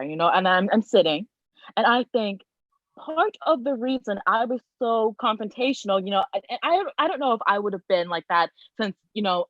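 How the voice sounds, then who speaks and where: A woman telling a personal story in a casual, animated way, with many fillers. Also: mid-range voice, no echo. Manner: animated, lively retelling with frequent fillers. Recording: dull, dry, lo-fi sound.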